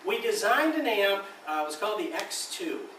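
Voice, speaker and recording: A man's voice: high voice, sing-song, normal speed, bright, forceful tone, echoey room, far from the mic, slight background noise, poor audio. A man being interviewed about an amplifier he designed, speaking casually and loosely with some mild swearing.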